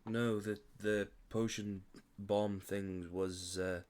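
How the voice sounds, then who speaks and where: A man running a tabletop game as game master, his voice on the low side. He talks in a loose, casual way, apologizes often and swears now and then. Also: level tone, takes it slowly, a little mellow.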